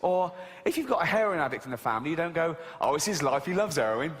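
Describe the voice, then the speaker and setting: A man's voice: on the high side, very animated, quick pace, big-room sound, background noise. A man in his forties with an English accent doing a stand-up comedy routine, ranting with mock indignation and giggling at his own jokes. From England.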